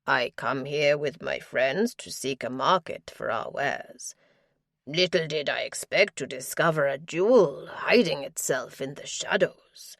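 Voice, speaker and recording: A woman voicing a charming male trawler skipper with a faint Norwegian accent, speaking low, slow and passionate. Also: creaky, a bit bright, no room sound, clean studio sound, exaggerated voice. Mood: smooth, earnest.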